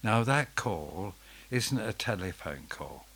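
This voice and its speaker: A man preaching a sermon as dramatic storytelling, dropping to a hush and then rising to loud outbursts. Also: fairly low pitch, big pitch swings, slow, a little hiss or hum.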